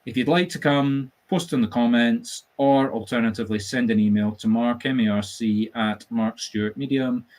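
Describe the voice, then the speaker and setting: A man with a Scottish accent, a medium hosting a casual live-stream chat, talking in a chatty, animated, jokey storytelling way. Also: medium pitch, normal speed, hardly any pauses. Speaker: medium and host. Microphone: video call setup.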